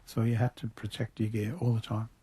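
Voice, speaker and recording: A man's voice: on the low side, monotone, a little fast, dark tone, breathy edge. An older man from Liverpool with a Liverpool accent, thinking back as an interview guest with frequent restarts. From Liverpool, England. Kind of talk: radio interview.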